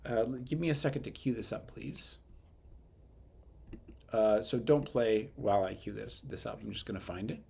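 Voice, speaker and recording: A man coaching young musicians through a passage in an online rehearsal. He explains accents in a relaxed, meandering way with plenty of fillers. He breaks into sung rhythm syllables to show what he wants. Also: fairly low pitch, normal speed, vocal fry, long pauses, noisy background. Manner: sings rhythms with syllables to demonstrate; relaxed, hesitant phrasing with fillers. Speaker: youth orchestra conductor. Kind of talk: rehearsal instruction.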